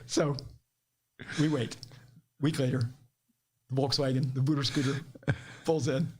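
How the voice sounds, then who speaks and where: A man's voice: medium pitch, level tone, unhurried, darkish tone, husky. A middle-aged man with an Ohio accent telling stories as a podcast guest, laughing often and acting out quotes. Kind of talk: casual storytelling.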